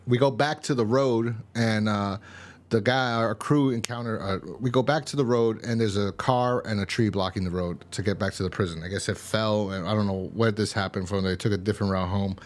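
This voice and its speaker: A man's voice: on the low side, steady tone, brisk. A man casually recapping a TV episode in a rambling way, with many fillers and restarts. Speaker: TV episode reviewer.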